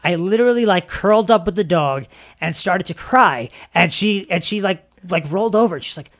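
A man, a comedian guest telling stories in a casual interview, animated and laughing often. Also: sits high, quick pace. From Long Island, New York. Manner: animated storytelling, laughs often, many fillers and restarts. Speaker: podcast guest, stand-up comedian.

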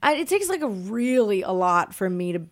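Animated woman comedian telling stories. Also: medium pitch, moderate pace. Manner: animated, laughs through stories. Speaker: guest comedian. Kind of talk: casual podcast storytelling.

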